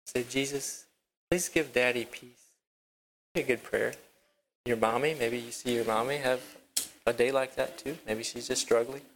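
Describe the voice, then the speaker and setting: A man of middle pitch tells a Bible story to young children in a children's lesson. He stops and starts, repeats words and keeps checking in with the kids by asking them questions. A faint hiss sits under his voice. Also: steady tone, moderate pace, low-quality recording. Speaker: children's teacher. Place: rural property with a barn.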